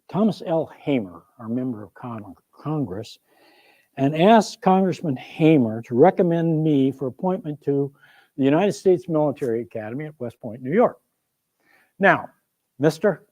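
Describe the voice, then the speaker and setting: A man's voice: fairly high pitch, darkish tone, no room sound. An actor playing an older Civil War general who recounts his youth in a wry, folksy, self-deprecating stage monologue. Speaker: performer of a one-man historical show.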